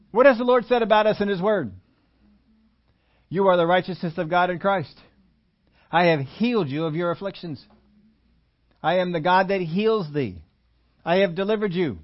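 High-voiced man preaching a sermon. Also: dull audio. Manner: asks the congregation questions and voices doubters. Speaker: pastor. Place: church.

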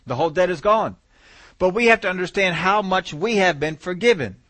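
A man's voice: sits high, lively intonation, a little fast, fairly bright tone, dry recording. A male preacher giving a sermon, driving points home by repeating key words and numbers.

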